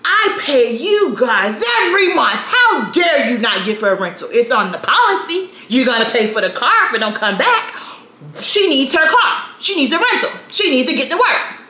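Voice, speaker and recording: A woman imitating her angry father shouting indignantly at an insurance agent, in an echoey room. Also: high voice, very animated, normal speed, a little hiss or hum, voice pushed up, exaggerated voice. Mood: outraged.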